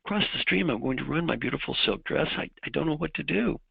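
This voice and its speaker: A man voicing a distressed young woman in a silk dress, fretful and pleading, with a gravelly voice. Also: on the high side, expressive, fast, no room sound, highs cut off, pitched above the performer's own voice, exaggerated voice.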